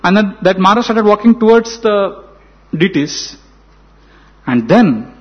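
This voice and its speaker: A man with an Indian accent telling a story in a sermon, animated and acting out the dialogue. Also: on the high side. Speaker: spiritual speaker. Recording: dull lo-fi recording.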